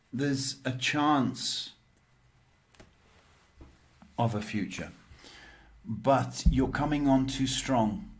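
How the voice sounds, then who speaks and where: A man of middle pitch hosts a live psychic reading show, speaking very slowly and deliberately. He stops and starts often, filling the gaps with ums as he works through each answer. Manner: slow, halting, with many ums. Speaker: psychic reader and host. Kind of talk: live-stream tarot Q&A.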